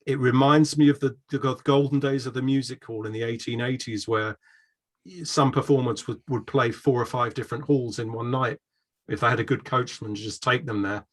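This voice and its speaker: A man's voice: medium pitch, steady tone, a little fast. Rambling middle-aged man telling anecdotes. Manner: rambling anecdotal storyteller, mimics voices in quotes. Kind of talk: casual chat.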